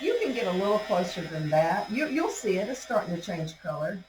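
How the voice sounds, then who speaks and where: A woman's voice: mid-range voice, big pitch swings, brisk, darkish tone, slight background noise. A woman with a Southern US accent hosting a casual crafting demonstration, chatty and folksy, laughing often. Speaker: crafting tutorial host. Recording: roomy, distant mic with faint ambience.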